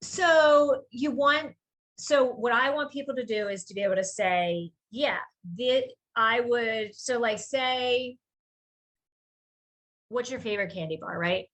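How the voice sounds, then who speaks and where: A woman who runs a small business, chatting casually on a group video call and telling a rambling, animated story. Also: on the high side, slow.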